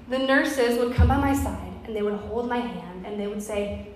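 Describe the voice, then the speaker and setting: A woman's voice: fairly high pitch, moderate pace, a bit bright. Woman preaching in an echoey church. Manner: earnest, conversational, with personal storytelling. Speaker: pastor. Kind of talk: sermon. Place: church sanctuary. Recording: very echoey hall with faint background noise.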